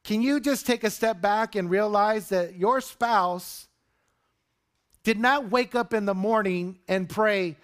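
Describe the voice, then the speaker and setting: Animated male pastor preaching. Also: high voice, slow pace. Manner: animated storytelling, acts out quotes. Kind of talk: sermon. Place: church sanctuary with congregation.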